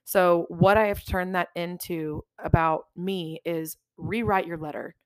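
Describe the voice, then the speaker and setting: A woman's voice: on the low side, fairly even intonation, a little slow, no room sound. A woman hosting a podcast in casual heartfelt chat, earnest, swearing freely and repeating herself for emphasis. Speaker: podcast host.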